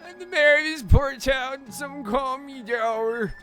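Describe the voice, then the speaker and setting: A worried, rambling old mayor of a cursed village, as a streamer puts him on, his words mumbled through lips that barely move. He drags each line out slowly. Soft game music plays faintly underneath. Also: very high-pitched, voice pushed up. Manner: spoken without moving the lips, stiff and mumbly. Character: fretful rambling elderly male town mayor. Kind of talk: reading game dialogue aloud in character.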